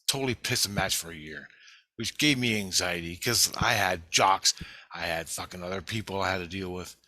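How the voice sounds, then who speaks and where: Middle-aged man, gruff profane storyteller, low pitch with a bright edge, dry close mic, rambles then gets loud. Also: normal speed, dry recording. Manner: profane, rambling, animated when excited. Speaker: vlogger. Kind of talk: casual storytelling monologue.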